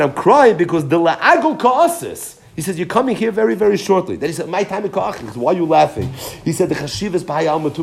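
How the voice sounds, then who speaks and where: A man giving a Talmud class, reading each line of the text, then translating it and retelling it with animated emphasis. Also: fairly high pitch. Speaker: Talmud teacher.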